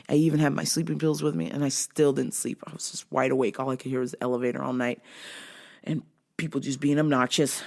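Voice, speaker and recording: A woman's voice: rumbling low, steady tone, fairly quick, vocal fry. A woman hosting a podcast, telling profane, joking stories in a casual comedic monologue and acting out sounds and voices. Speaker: podcast host.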